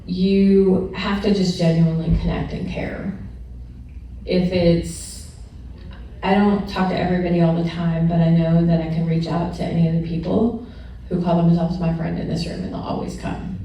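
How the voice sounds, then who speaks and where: Middle-aged woman, lowish voice, frank and laughing, addressing a room from a distance in a big echoey space. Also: level tone, normal speed, mellow, slight background noise. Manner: candid, laughs often, gets emotional. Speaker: honored alumna speaking at a celebration. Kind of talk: personal storytelling remarks to an audience. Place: large echoey event room with an audience.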